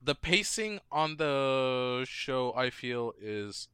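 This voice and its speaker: A man's voice: medium pitch, sing-song, slow, a bit bright, clear, resonant tone, no echo, clean studio sound. A man co-hosting a casual podcast chat, giving blunt, emphatic opinions. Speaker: podcast co-host.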